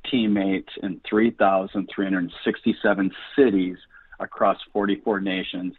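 A man's voice: low voice, steady tone, normal speed, husky, dry recording. A man guest on a radio interview, talking earnestly and encouragingly like a preacher. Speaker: guest, ministry founder. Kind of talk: enthusiastic radio interview talk. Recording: dry phone-line audio.

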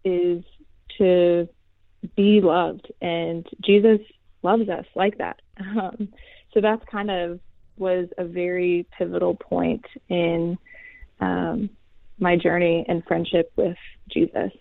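Young female guest, soft and earnest, fry in the voice, dry phone-quality sound. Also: lowish voice, flat delivery, no echo. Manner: soft, earnest, many pauses and fillers. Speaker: guest, former college volleyball player. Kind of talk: heartfelt faith testimony in an interview. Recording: tinny phone-like line.

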